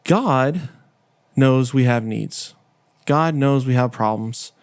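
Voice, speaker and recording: A man hosting a podcast speaks slowly in a mid-range voice, recorded without echo. In this casual storytelling monologue he relates a personal experience candidly, chatting easily and taking self-deprecating jabs.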